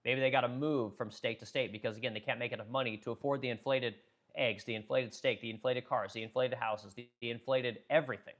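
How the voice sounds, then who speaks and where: A man's voice: medium pitch, fairly even intonation, fast, fairly bright tone. Fired-up swearing man ranting. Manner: fired-up, swearing, repeats himself, frequent stumbles. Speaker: business owner and livestream host. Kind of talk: heated political rant on a livestream.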